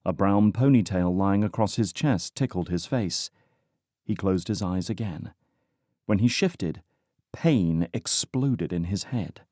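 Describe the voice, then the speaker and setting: A man narrating a romantic suspense audiobook in a measured, even way. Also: low-pitched, dry recording, studio quality. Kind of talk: scripted narration.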